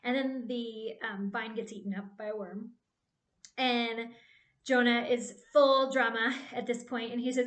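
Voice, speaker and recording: A woman giving a casual devotional Bible talk, retelling the stories in a chatty, animated way and checking in with "right?". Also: a little high, measured pace. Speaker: Bible study speaker. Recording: roomy echo.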